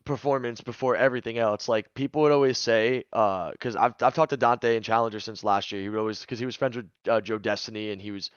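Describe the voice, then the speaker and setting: Fast, blunt, profane man. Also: on the low side, fairly even intonation, clear, resonant tone, no room sound, highs cut off. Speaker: podcast co-host, esports pundit. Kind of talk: casual podcast chat.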